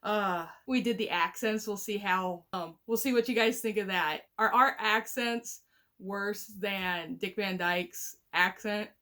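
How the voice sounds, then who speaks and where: A woman's voice: medium pitch, measured pace, sharp tone. A woman in her thirties from Missouri, chatting to camera at home in a rambling, easygoing way and laughing easily. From Missouri, US Midwest. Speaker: vlogger and family caregiver. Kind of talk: casual chat to camera. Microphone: camera mic at home.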